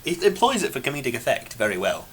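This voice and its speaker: Male co-host, very expressive pitch, dry musing asides. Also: quick pace, slight background noise. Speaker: podcast co-host. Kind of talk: casual chat.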